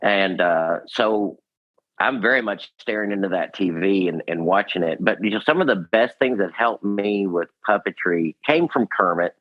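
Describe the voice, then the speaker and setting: A man in his sixties, a puppeteer guest, telling stories in an animated, laughing way. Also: on the low side, normal speed, dry recording, dull audio. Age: 60s. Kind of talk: casual storytelling.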